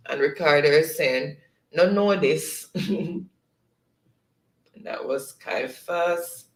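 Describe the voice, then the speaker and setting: A slow-talking Jamaican man hosts a casual live-stream quiz, reading viewers' chat messages aloud and chuckling often. His voice is gravelly and sits a little high for a man. The sound is echoey, as if from a bare room.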